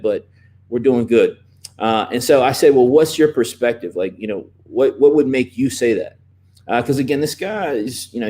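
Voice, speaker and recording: A man's voice: mid-range voice, darkish tone. A man, a real estate investor, telling stories casually in a podcast interview, with "man" and "you know" in nearly every sentence. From Virginia.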